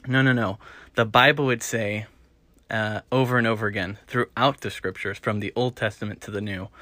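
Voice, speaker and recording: A man preaching an earnest sermon, repeating words for emphasis and rising to loud stresses. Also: fairly low pitch, steady tone, moderate pace, dry recording. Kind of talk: sermon-style teaching.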